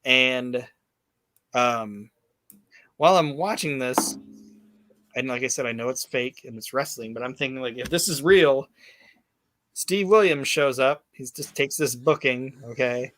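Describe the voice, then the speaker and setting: A man's voice: medium pitch, measured pace, long pauses, dry recording. A man talking casually about a wrestling match he watched, rambling and swearing, with many fillers and restarts. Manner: rambling, profane, animated storytelling with many fillers. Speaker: podcast host recapping wrestling. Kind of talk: casual chat.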